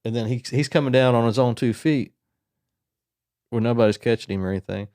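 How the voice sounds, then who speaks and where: Animated storytelling man, dry close sound. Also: mid-range voice, a little fast, no echo. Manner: animated, rambling, self-mocking, acts out voices in stories. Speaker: podcast co-host. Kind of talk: casual storytelling.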